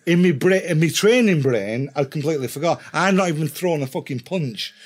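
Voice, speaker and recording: Speaking a little high and fairly quickly, a man from England recounts a rowdy story while guesting on a podcast. It's a casual, animated retelling full of swearing and bursts of laughter.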